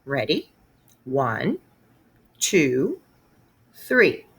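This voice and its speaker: A woman's voice: very deep voice, big pitch swings, very slow, fairly bright tone, husky, full character voice. A woman voicing a fussy, worried mother who frets and scolds. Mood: firm. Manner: fretful, scolding.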